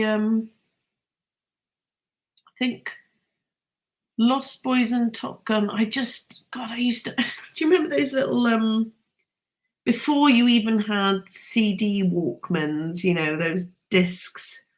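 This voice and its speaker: A woman's voice: mid-range voice, steady tone, slow, pauses often. A woman, chatting casually with live viewers, enthusiastic and laughing often. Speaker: host.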